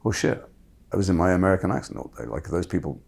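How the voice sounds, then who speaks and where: A man telling candid stories about his acting work in a fast, animated, self-interrupting way. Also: sits low, vocal fry, husky. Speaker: actor guest. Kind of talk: candid conversational storytelling.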